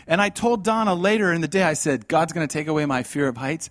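Middle-aged male preacher, dramatic storyteller, big swings from hush to shout, dry close sound. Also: fast talker, few pauses, dry recording. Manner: dramatic, swings from hushed to loud and high. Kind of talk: sermon with storytelling.

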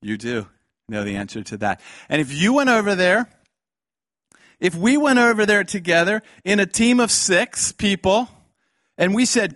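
A man preaching a fiery sermon, swinging between loud outbursts and hushed lines and acting out the voices he quotes. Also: high voice, very animated, moderate pace, no room sound, studio quality.

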